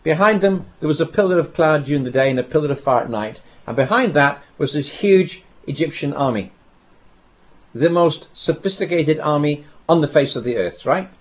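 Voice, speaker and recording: A man preaching a sermon, telling a scripture story with dramatic pauses and repeated phrases. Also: fairly high pitch, expressive.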